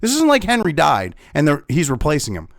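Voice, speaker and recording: A man's voice: on the high side, wildly swooping pitch, brisk, dry recording, clean studio sound. A man ranting angrily in a profane commentary video, talking as host.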